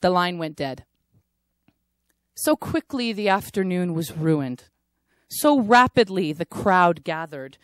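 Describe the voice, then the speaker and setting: A woman performing her own spoken word poem, telling it in a hushed, intense way that swells at times. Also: fairly low pitch, lively intonation, slow, long pauses, dry recording. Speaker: poet. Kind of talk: spoken word poetry reading.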